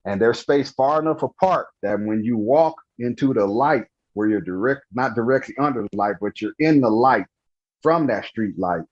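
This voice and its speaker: A man from Louisiana telling about a night encounter in an interview, halting and restarting as he acts out the dialogue. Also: mid-range voice, expressive, dull audio. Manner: slow, halting storytelling with restarts and acted-out dialogue. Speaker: guest telling an encounter story. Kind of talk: storytelling interview.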